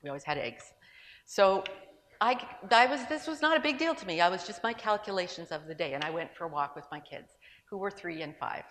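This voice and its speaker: Low-voiced woman telling a church testimony. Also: animated, brisk, a bit bright, long reverb tail. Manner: conversational storytelling with restarts and asides. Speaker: speaker at a church gathering. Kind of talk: personal testimony sermon. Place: large room with an audience.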